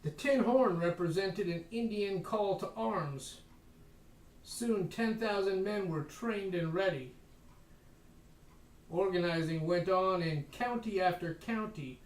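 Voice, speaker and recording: A man with a high voice reads history aloud in a measured way, slowing on key phrases and adding dry asides of his own. He sits some way back from the microphone. The room is echoey. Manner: measured reading, slows for emphasis, adds wry asides. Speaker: podcast host reading history aloud. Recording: echoey room, voice distant from mic.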